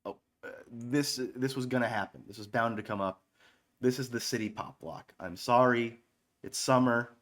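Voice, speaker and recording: A man's voice: medium pitch, moderate pace, fairly bright tone. A man in his thirties hosting a radio-style stream, talking casually between songs in a rambling, offhand way, swearing often and making self-mocking jokes. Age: 30s. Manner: self-mocking, joking asides. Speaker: online radio stream host.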